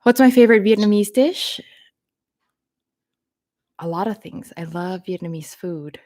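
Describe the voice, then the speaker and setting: A woman's voice: medium pitch, measured pace. A woman from Thailand with a North American accent, Thai her first language, chatting and laughing as host of a live Q&A. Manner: chatty, laughing, lively storytelling. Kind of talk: live Q&A chat.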